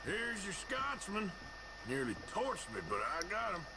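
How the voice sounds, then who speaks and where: An actor playing a gruff outlaw bounty hunter who talks in a low, drawling, dry-witted way. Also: male voice, wildly swooping pitch, unhurried, heavy background noise, heavily acted. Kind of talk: video game dialogue.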